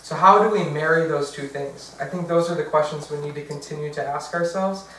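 A man's voice: fairly high pitch, brisk, a bit bright, slight background noise. A young man giving a casual workshop talk, chatty, with fillers and self-corrections. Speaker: diocesan workshop presenter. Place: large church hall. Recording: very echoey, from far off.

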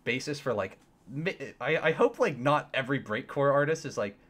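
A man's voice: mid-range voice, lively intonation, moderate pace, fairly bright tone. A man interviewing casually, rambling with many fillers and restarts. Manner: rambling, lots of likes and restarts, laughs easily.

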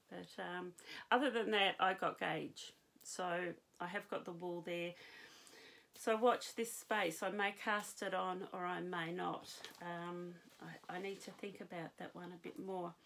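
A woman's voice: lowish voice, vocal fry, fairly bright tone. A woman with a New Zealand accent hosting a knitting podcast, chatting casually to camera with many ums and restarts.

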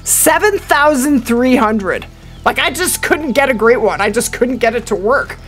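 High, lively woman streaming a hunting game. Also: a little slow, faint music behind. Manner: excitable, chatty, talking to chat. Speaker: gaming streamer. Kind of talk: live game stream commentary.

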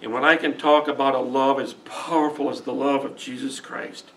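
A man's voice: mid-range voice, fairly even intonation, normal speed, a bit bright, far from the mic, slight background noise. Emotional male pastor preaching from afar. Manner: emotional, earnest, folksy preaching. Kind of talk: sermon. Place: church sanctuary.

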